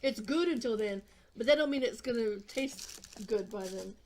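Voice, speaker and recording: A woman's voice: on the high side, lively intonation, moderate pace, a little mellow, a little hiss or hum. A woman vlogger chatting casually on camera while eating snacks, rambling and offhand, with fillers and some swearing. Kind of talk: casual eating vlog chat.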